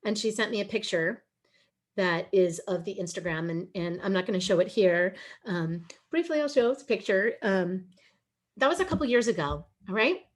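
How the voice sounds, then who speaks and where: A woman's voice: mid-range voice, lively intonation, moderate pace. A middle-aged woman giving a webinar presentation over a video call, earnest and emotional, pleading at times.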